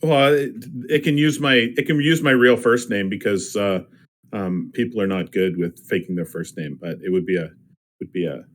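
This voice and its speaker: A man's voice: lowish voice, moderate pace. A man playing a tabletop game, playful and boastful, talking in and out of character. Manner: playful, boastful, many fillers. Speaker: player.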